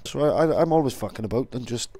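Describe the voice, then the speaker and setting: A man's voice: mid-range voice, lively intonation, quick pace, mellow. A young man chatting casually and rambling on, swearing now and then. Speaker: vlogger. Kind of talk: casual vlog talk.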